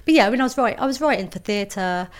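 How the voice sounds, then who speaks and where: Talking fast in a medium-pitched voice, a woman author takes part in an interview as a guest. She's frank and lively in conversation and laughs readily.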